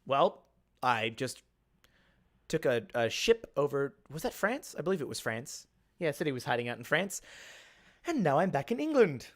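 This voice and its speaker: An Australian man chatting excitably while streaming a game, often gasping and laughing. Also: a little high, moderate pace, long pauses. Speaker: streamer and voice actor. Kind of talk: casual game stream chat.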